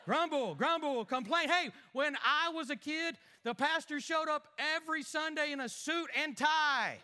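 A man's voice: very high voice, fairly quick, sharp tone, clean tone, big-room sound, voice pushed up. A man acting out a grumpy father who whines and complains about everything on a Sunday morning. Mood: griping. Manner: whiny, exasperated ranting. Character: grumpy middle-aged father, whining and complaining. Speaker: one-man skit in a sermon.

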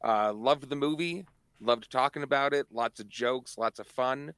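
A man guesting on a podcast, relaxed and casual, often starting with "uh". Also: medium pitch, normal speed, clear, resonant tone, no echo.

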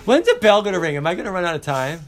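A man's voice: high-pitched, racing. Playful male teacher taking roll. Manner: playful and animated with students. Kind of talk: classroom roll call. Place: classroom.

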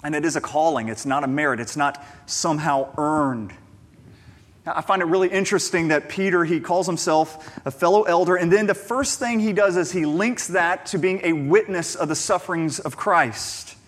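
This man's voice sits on the high side, and he preaches at a moderate pace. A pastor, he delivers his sermon emphatically but conversationally, with frequent repeated words, rhetorical questions and chatty storytelling asides.

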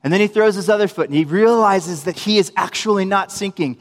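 A young man preaching a sermon in a church, telling the story with animated delivery, acted-out quotes and humorous asides, heard in a reverberant hall. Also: high-pitched, a little fast. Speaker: preacher, youth minister.

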